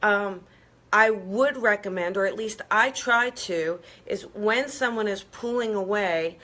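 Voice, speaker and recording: A woman hosts a live-streamed motivational talk, speaking earnestly and encouragingly to her viewers and repeatedly checking in with them. Her mid-range voice is bright and forceful, at a measured pace.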